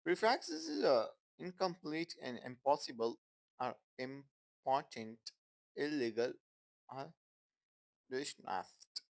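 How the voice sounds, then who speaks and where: A man's voice: mid-range voice, sing-song, takes it slowly, vocal fry, long pauses, rough recording. A man teaching an English grammar lesson in non-native, broken English. He repeats his example sentences and keeps checking in with "Okay, guys?".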